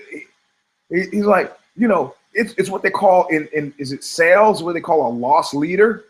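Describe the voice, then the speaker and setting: A man's voice: a little high, expressive, normal speed. A man in his forties hosting a talk show, rambling and swearing, often repeating words as he restarts his thoughts. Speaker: podcast host.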